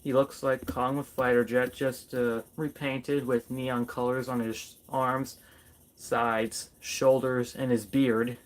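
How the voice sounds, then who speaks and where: A man's voice: medium pitch, little pitch movement, slow pace. A man doing a casual toy review vlog, playfully chatting to his figures as if they were people.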